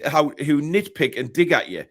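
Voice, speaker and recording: A man's voice: fairly high pitch, sing-song, moderate pace. A man with a Geordie accent hosting a casual football chat on a live stream, reading out viewer messages. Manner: chatty, reads out viewer messages. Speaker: podcast host. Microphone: desk mic, live stream.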